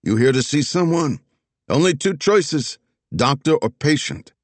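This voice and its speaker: A man doing a gruff old Philly ex-cop. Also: fairly high pitch, animated, measured pace, no echo, pitched above the performer's own voice. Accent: Philadelphia. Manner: blunt, wisecracking. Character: gruff seventy-year-old ex-cop security guard, teasing.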